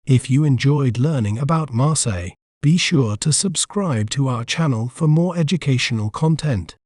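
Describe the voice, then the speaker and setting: A man hosting a pronunciation channel, giving scripted educational narration in an even, explanatory way and breaking words into syllables. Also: mid-range voice, moderate pace, dry recording, clean studio sound.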